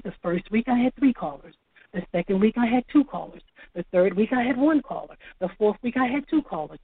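A woman's voice: mid-range voice, no echo. A woman guest telling her faith story with fervent, dialogue-filled storytelling on a talk show. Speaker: guest author. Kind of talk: testimony on a phone-in show. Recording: phone line, dry.

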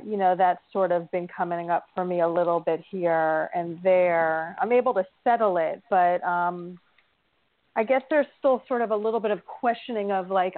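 A woman's voice: lowish voice, no echo. Woman caller, hesitant, lots of fillers, phone-line sound. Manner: warm, hesitant, many fillers. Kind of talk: casual phone chat. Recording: dry tinny phone line.

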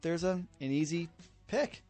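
A man hosting a casual talk show, upbeat and quick with wisecracks as he plays clips. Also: a little high, a little mellow, soft background music. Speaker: show host playing clips.

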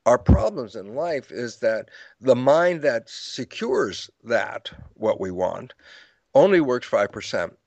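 A man's voice: mid-range voice, big pitch swings, slow, gravelly, a little mellow, dry recording, lo-fi sound. A man as an interview guest, explaining ideas like a lecturer, acting out quoted dialogue and chuckling at his own points. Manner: storytelling lecturer who acts out quoted dialogue. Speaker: guest author.

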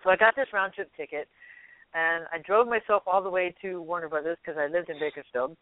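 A woman's voice: lowish voice, a little fast, dry recording. Woman telling a story on a phone line. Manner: animated, laughs often, acts out quotes. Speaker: guest. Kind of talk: casual storytelling. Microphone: telephone. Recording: tinny dry phone line.

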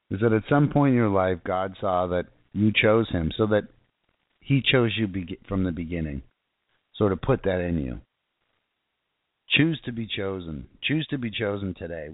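Fervent preacher on a phone line. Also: male voice, low voice, no room sound. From South Florida. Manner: fervent, rambling, restarts a lot. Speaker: internet radio preacher. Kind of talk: informal sermon. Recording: tinny phone-line sound.

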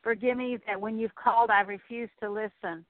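A woman leading a slow, earnest spoken prayer of repentance in a repetitive litany. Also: on the high side, fairly even intonation, no echo. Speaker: prayer minister. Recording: dry, tinny phone-like sound.

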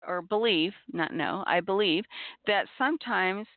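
Gravelly-voiced woman, tinny dry audio. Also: mid-range voice, no room sound. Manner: earnest, measured, repeats key points. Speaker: podcast host on abuse recovery. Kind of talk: reflective advice talk.

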